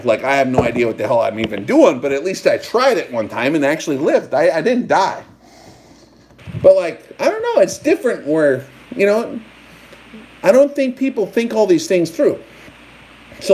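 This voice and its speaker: A man's voice: a little high, darkish tone, rough recording. A man hosting a live stream, rambling and mock-taunting his audience with rhetorical questions. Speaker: livestream host.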